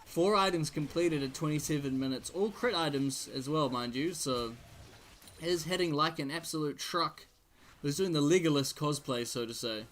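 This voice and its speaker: Male esports caster, fairly high voice, excitable play-by-play, jokey asides, soft background hiss. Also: moderate pace. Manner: excitable, pitch climbs in big fights; jokey asides between plays. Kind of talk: live game commentary.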